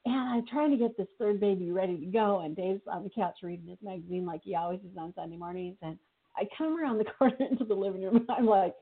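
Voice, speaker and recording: A woman's voice: medium pitch, quick pace, slightly rough. A middle-aged woman hosting a talk show, chatting casually and laughing along with her guest. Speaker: host. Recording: tinny phone line.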